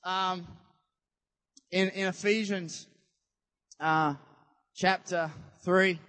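A man preaching a sermon to a church congregation, animated and conversational, often asking the crowd questions. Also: high-pitched, extremely slow. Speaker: pastor. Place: church hall. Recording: long church-hall reverb.

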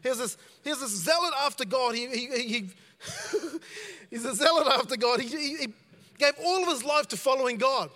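A man's voice: very high voice, expressive, normal speed, bright, forceful tone, in a large hall. A man preaching a conversational sermon as a pastor, repeating himself and dropping in asides.

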